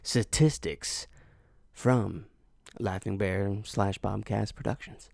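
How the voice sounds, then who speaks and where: A man's voice: fairly low pitch, takes it slowly, vocal fry, darkish tone, no room sound, clean studio sound. A man hosting a podcast, jokey and teasing, telling rambling stories. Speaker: podcast host. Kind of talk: casual podcast chat.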